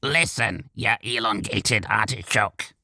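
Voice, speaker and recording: A man voicing an irritable male goblin with a throaty, raspy voice and rough grammar. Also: lowish voice, slow, bright, forceful tone, dry recording, studio quality, exaggerated voice.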